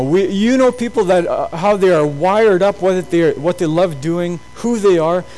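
A man's voice: high-pitched, a little mellow, low-quality recording. A pastor giving a sermon to his congregation in an earnest, urging way, often repeating phrases.

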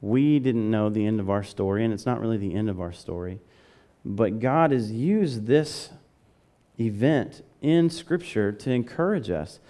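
A man from the American South preaching a conversational sermon, building to excited emphasis. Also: on the low side, measured pace.

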